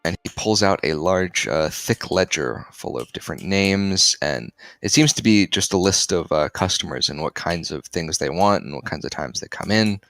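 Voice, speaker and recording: A man running a tabletop game as dungeon master, narrating in a halting way with many fillers. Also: sits low, lively intonation, a bit bright, no room sound. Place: home streaming setup.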